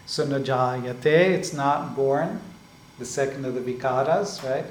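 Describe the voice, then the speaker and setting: A man giving a spiritual discourse as a teacher. He explains slowly and often checks in with "right?" and "like this". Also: mid-range voice, steady tone. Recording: echoey room with faint ambient noise.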